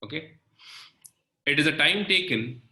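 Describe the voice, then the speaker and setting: Bright-voiced male chemistry teacher, echoey room. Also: fairly high pitch, animated. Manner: slow, step-by-step explaining with frequent "okay" and "right". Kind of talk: recorded lecture explaining on a board.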